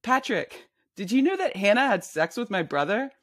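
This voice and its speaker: A woman's voice: medium pitch, sing-song, moderate pace, no room sound, clean studio sound, pitched above the performer's own voice. A woman reading her memoir aloud, voicing a brash, blunt woman friend who bosses people around at a bar. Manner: pushy, blunt, bossy.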